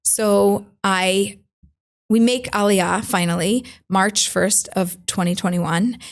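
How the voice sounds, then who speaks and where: A middle-aged woman, a matchmaker, telling an animated story in conversation, acting out the voices of people she quotes. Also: mid-range voice, takes it slowly. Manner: expressive, acts out quoted voices with laughter. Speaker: matchmaker, interview guest.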